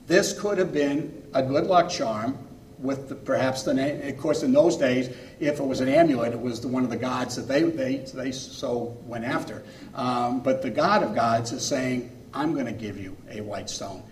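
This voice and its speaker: A man preaching a sermon as a pastor, earnest, pausing phrase by phrase and swinging between loud and soft. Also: medium pitch, animated, slight background noise. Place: church sanctuary. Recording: echoey room, mic far off.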